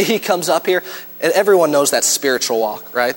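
Brief: man, preacher, animated storyteller, higher voice, church reverb. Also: a little fast, slight background noise. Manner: animated storytelling, acts out scenes. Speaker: pastor. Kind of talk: sermon.

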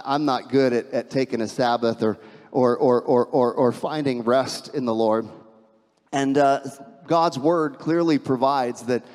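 A man's voice: on the high side, darkish tone. A middle-aged man preaching a sermon as pastor, earnest, repeating key phrases and prompting the congregation to respond. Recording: long reverb of a large hall.

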